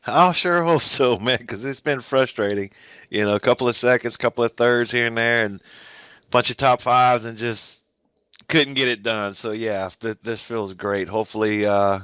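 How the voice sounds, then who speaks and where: An American racing driver talks in a relaxed, casual way, often dropping in "man" between thoughts. His voice sits low and comes through smooth on a dry mic. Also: no room sound. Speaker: race winner.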